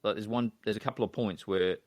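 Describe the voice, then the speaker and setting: A man with a notably deep voice chats casually about an old film. He hesitates and restarts often, and the recording is dry and close. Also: fairly even intonation, a little mellow, dry recording. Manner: hesitant, trailing off into pauses. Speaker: podcast co-host.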